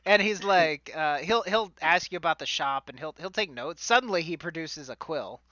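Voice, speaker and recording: A man runs a tabletop game as game master, his narration loose and full of fillers. His voice is bright and crisp, fairly high for a man. It is recorded dry and a little dull. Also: animated, normal speed, no room sound. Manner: rambling, filler-heavy narration.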